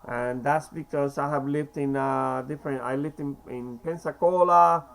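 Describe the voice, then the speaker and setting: A man in his fifties from Cuba with a slight Cuban Spanish accent, talking in a rambling, halting way with many fillers and restarts. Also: medium pitch, steady tone, vocal fry, poor audio. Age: 50s. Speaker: vlogger. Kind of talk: rambling casual monologue.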